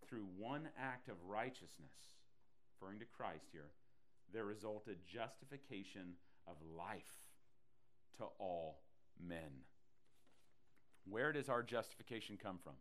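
A man preaching a sermon to a congregation. He teaches in an animated way and acts out the people in his stories. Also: lowish voice. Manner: animated preaching, acting out voices in quotes. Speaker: pastor.

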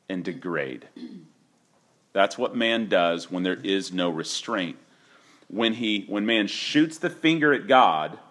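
A male pastor preaching a sermon in a conversational way, asking the congregation questions and acting out voices with sudden shouts. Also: lowish voice.

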